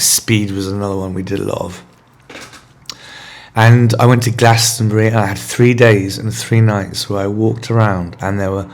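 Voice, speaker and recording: A man hosting a podcast, telling a candid, rambling personal story in a confessional monologue. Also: on the low side. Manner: rambling, candid, self-searching. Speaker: podcast host.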